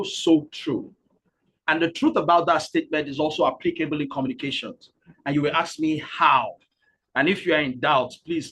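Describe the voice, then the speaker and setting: A man hosting a live webinar, energetic and repetitive, urging the audience to type into the comments. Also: fairly high pitch, husky. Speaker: webinar host and speaker.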